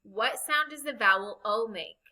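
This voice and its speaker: Slow, bright-voiced woman teaching reading. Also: a little high, poor audio. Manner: slow, deliberate, spells out vowel sounds. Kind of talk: recorded reading lesson.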